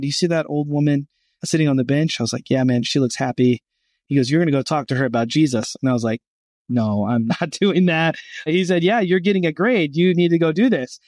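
A middle-aged man speaks as a guest on a podcast, his voice sitting slightly high for a man. He tells his stories with energy and acts out the voices of the people in them. The sound is dry and close, with little room around it. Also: no echo. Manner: animated storyteller acting out quoted voices. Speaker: guest speaking for a Christian gap year college. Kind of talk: storytelling in a podcast interview.

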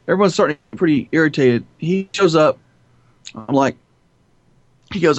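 Lebhafter Mann, erzählt mit Flüchen. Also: male voice, on the high side, moderate pace, pauses often, dry recording. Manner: animated, profane storyteller who laughs often. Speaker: filmmaker guest. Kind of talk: storytelling interview.

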